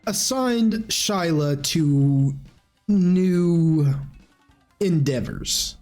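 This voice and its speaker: A pale, bald half-drow assistant speaks with bemused courtesy and a snake-like flick of the tongue, as a man puts him on in a tabletop game. His voice sits fairly high. Soft music plays underneath. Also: animated, very slow. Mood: gracious.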